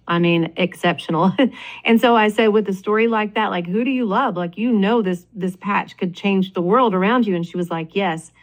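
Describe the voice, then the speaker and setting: A woman leading a sales team, telling an energetic story about her business in a conversational interview, often asking "right?" and saying "like". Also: medium pitch. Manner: enthusiastic, animated, frequent "right?" and "like". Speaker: network marketing leader.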